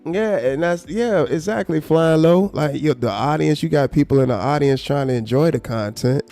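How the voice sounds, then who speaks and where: A man hosting a live stream, giving casual commentary in a calm, low, unhurried tone, blunt and profane. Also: creaky, soft background music.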